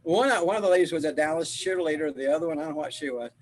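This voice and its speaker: A man's voice: on the high side, very fast, low-quality recording. An older man, a spiritual teacher, telling a rambling story in casual group chat, laughing often.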